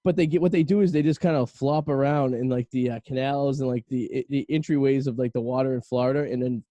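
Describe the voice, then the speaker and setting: A man's voice: medium pitch, steady tone, quick pace, warm tone, no echo. A man hosting a podcast, telling rambling, jokey stories in casual comedic chat. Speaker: podcast host.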